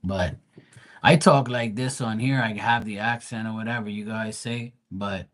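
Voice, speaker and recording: Bermudian man, lowish voice, loose rambling live-stream host, casual swearing. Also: steady tone, normal speed, fairly bright tone, poor audio.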